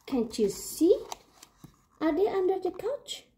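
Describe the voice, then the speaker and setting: A young woman reading a children's picture book aloud at story time, playful and animated, with gasps and giggles. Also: very high voice, takes it slowly, slight background noise.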